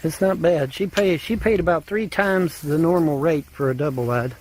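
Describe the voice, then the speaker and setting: A man's voice: on the high side, normal speed, darkish tone, a little hiss or hum. Rambling man cooing at his dogs outdoors. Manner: rambling, coos baby talk at dogs. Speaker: man filming his property. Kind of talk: casual handheld video narration. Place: outdoors in the rain.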